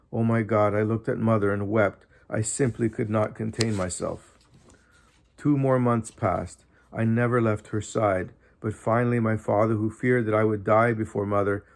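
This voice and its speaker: A man reading a diary aloud in an earnest, measured way, pausing often. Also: fairly low pitch. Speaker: audiobook reader. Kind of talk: scripted narration of a diary.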